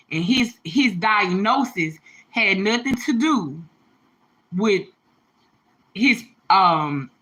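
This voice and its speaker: A woman's voice: mid-range voice, pushed and bright. A woman talking casually and emphatically to her viewers on a livestream, a mother speaking with slangy directness and some tears in her voice. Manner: emphatic, heartfelt, slangy, talks straight to viewers. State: a little teary.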